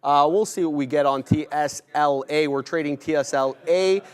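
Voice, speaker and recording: A young man hosting a live day-trading stream, giving brisk, upbeat commentary and shout-outs to viewers. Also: fairly high pitch, clear, resonant tone.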